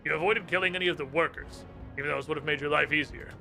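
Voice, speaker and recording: Brief: man voicing a formal knight commander, quick and measured, bright tone, game music underneath. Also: on the high side, fairly even intonation, creaky, heavily acted. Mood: judging. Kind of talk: reading game dialogue aloud.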